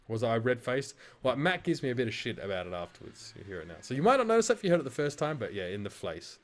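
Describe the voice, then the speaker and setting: Lässiger australischer Mann, flucht gern. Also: male voice, mid-range voice, very animated, fast. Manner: frank, swears freely, self-deprecating. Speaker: esports caster. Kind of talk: casual stream review of his own casting.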